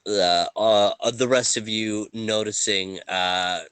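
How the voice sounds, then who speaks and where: A man narrating a tabletop game as game master, halting with fillers and restarts. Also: lowish voice, steady tone, a bit bright, clean tone, no echo.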